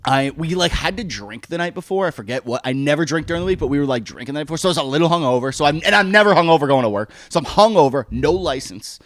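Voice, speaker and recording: A young man chats on a podcast and tells stories, acting out the people in them. His voice runs a little high and swings up and down a lot. The sound is dry and close. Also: very fast, hardly any pauses, dry recording. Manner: animated storyteller, acts out quotes. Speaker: podcast co-host. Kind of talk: casual chat.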